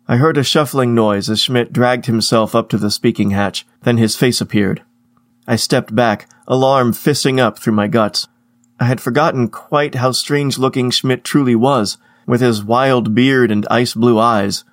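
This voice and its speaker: Brief: male storyteller, measured and wry, mid-range voice, dry close recording. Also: medium pitch, no room sound. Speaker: narrator. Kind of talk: first-person story reading.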